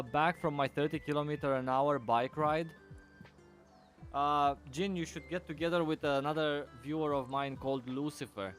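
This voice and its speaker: A man streaming live, chatting casually and greeting and thanking his viewers by name. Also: mid-range voice. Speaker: livestreamer. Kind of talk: casual livestream chat.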